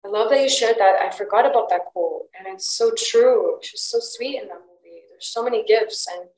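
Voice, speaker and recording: A woman's voice: fairly high pitch, moderate pace, darkish tone, slight background noise. A woman hosting a podcast, telling personal stories in a candid, open way and often saying "like". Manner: candid, open storytelling with frequent "like". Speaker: podcast host. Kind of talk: casual podcast conversation. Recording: roomy echo.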